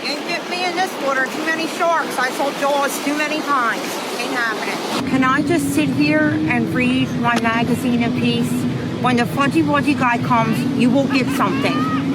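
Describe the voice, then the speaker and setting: A woman's voice: sits high, heavy background noise, pitched above the performer's own voice, natural voice. A woman playing a brash middle-aged Philly mom with a Philadelphia accent, griping and bossing people around. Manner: bossy, griping, blunt.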